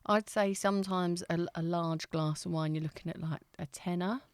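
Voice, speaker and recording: A woman co-hosting a comedy podcast, chatty and quick to laugh. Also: on the low side, steady tone, smooth, no echo, studio quality. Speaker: podcast co-host. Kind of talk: casual comedy chat.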